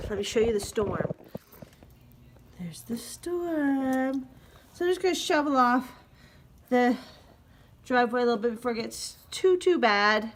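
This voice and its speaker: A sick mother and vlogger with a slightly high voice films casually on a handheld phone, first at home and then out in the snow. She rambles to her viewers and to her dog, with slight background noise.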